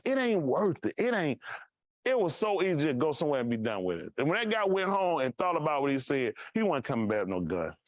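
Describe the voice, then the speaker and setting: Animated man telling stories in a sermon. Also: fairly high pitch, no echo. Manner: animated, acts out voices in his stories. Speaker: pastor. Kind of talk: casual storytelling sermon.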